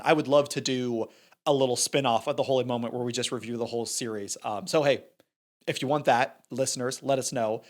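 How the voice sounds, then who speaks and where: A man's voice: mid-range voice, fast talker. A man co-hosting a movie review podcast, chatting animatedly and acting out scenes in silly voices. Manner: animated, acts out characters' lines in funny voices. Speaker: podcast co-host. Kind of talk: casual movie review chat.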